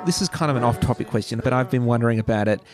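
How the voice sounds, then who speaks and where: A man's voice: medium pitch, rapid-fire, music in the background. A male podcast host chats with his guest, curious and conversational. His voice sits in a plain middle range, and he leans into loose, friendly questions. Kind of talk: casual interview chat.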